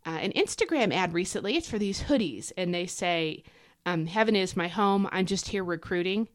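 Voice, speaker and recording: Emphatic, fast-talking woman podcast host. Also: lowish voice. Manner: enthusiastic, emphatic, self-correcting with fillers; fast talker. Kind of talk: casual devotional teaching. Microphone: podcast microphone.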